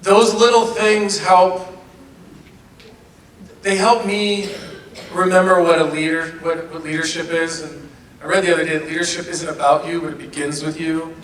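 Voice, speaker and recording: Male actor at a convention panel. Higher, bright voice with lively, laughing storytelling. Mic heard from a distance in an echoey hall. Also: normal speed. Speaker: actor answering fan questions.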